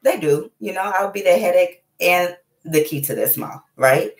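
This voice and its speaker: A woman in her thirties telling a personal story in a casual monologue, candid and animated, swearing freely and often checking in with "right?". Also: lowish voice, normal speed, echoey room.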